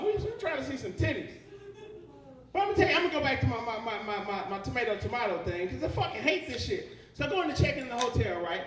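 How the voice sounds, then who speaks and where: A man's voice: very high voice, very animated, fast, reverberant, distant mic, noisy background. A young man doing live stand-up comedy, profane and rambling as he works the crowd. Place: comedy club stage. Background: audience laughter.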